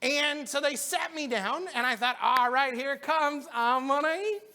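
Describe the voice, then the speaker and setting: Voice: high voice, moderate pace, pushed and bright, voice pushed up. A service leader voicing a poor, hungry traveler man who complains with exaggerated indignation. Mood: aggrieved.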